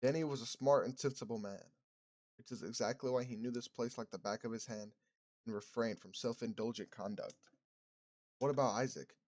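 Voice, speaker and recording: A man's voice: mid-range voice, brisk, darkish tone, close to an everyday voice. A man voicing a stern male priest who judges a woman as a witch, speaking in archaic, solemn tones. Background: game music.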